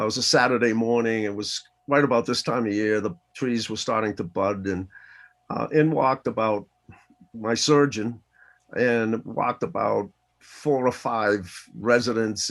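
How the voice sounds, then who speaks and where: A man's voice: on the low side, moderate pace. A man in his sixties from the Boston area, telling a personal story in an interview and acting out the dialogue in voices. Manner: animated, acts out dialogue in voices. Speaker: interview guest.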